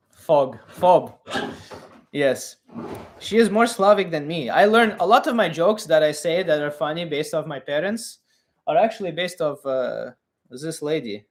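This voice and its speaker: A man in his thirties hosting a live comedy advice stream in a deadpan persona with broken English, rambling with many restarts. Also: on the high side.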